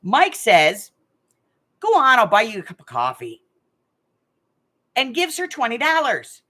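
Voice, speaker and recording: A woman's voice: a little high, huge pitch swings, measured pace, bright, forceful tone. A middle-aged woman, hosting a casual live stream game and telling rambling stories with frequent laughs. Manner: chatty, rambling, laughs often. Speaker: host of a craft channel live game. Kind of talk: casual chat and storytelling. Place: hot room at home.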